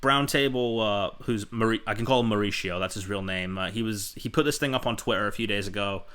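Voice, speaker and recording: A young man with a lowish voice and a bright, forceful tone hosts a casual chat. He rambles enthusiastically, stacking up fillers as he tells his stories. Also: a little fast. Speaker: podcast host.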